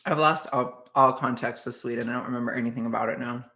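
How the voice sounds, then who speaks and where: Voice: mid-range voice, fairly even intonation, fast talker, sharp tone. Anxious streamer rambling to chat, laughing a lot. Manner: rambling, chatty, laughs often. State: anxious, jittery. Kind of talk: casual livestream chat with viewers.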